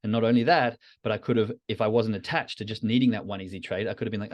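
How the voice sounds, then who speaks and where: A man's voice: fairly low pitch, fairly even intonation, quick pace. A man hosting a podcast, talking candidly and self-critically to a live chat, often repeating phrases for emphasis. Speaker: trading podcast host. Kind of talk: reflective solo talk to a live chat.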